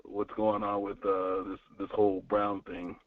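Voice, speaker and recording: A man's voice: fairly low pitch, monotone, measured pace, dry recording, distant mic. A man calling in to a sports show, frustrated and stumbling over repeated words. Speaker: caller. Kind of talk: call-in sports talk. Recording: tinny, breaking-up phone line.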